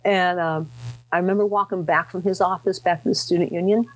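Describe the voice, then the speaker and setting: Woman with a pretty deep voice, halting, restarts a lot, reflective guest telling her story. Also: steady tone, low-quality recording. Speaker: interview guest, author. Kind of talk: personal story in a conversation.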